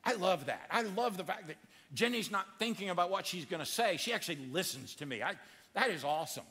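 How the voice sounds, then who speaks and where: A man preaching a sermon in a church, acting out the voices in his story with dramatic swings of pitch. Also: fairly quick, in a large hall. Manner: animated, acts out quotes with big pitch swings. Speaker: pastor. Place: church sanctuary.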